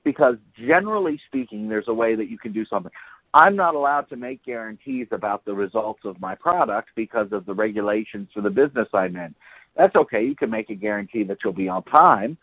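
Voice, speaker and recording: A man's voice: lowish voice, animated, a little fast, no room sound. A man talking casually on a show, giving earnest advice with some stumbling restarts. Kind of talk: casual chat. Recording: dry tinny phone-line sound.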